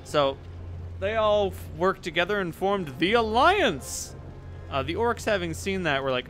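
A man's voice: high-pitched, sing-song, unhurried, fairly bright tone, soft background music. A man giving casual let's-play commentary, rambling and joking with frequent swearing. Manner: rambling, profane, jokey. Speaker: game commentator.

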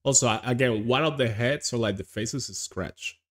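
A man's voice: medium pitch, normal speed. A man streaming a game, chatting casually and reading the on-screen text aloud. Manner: chatty, reacts aloud, mumbles asides.

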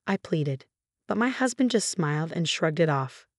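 Narrator: young woman, low voice, dry close sound, steady scripted story reading. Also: normal speed, no room sound. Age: 20s.

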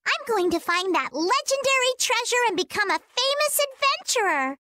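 A woman's voice: extremely high pitch, big pitch swings, normal speed, bright, forceful tone, no room sound, exaggerated voice. An actress voicing a spunky young girl pirate in a video game, talking in cheeky pirate slang. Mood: cocky. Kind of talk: game voice acting. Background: game music.

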